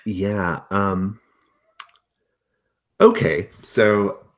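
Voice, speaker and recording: A man's voice: low voice, very slow. A man narrating as game master of a tabletop role-playing game, talking with many hesitant fillers.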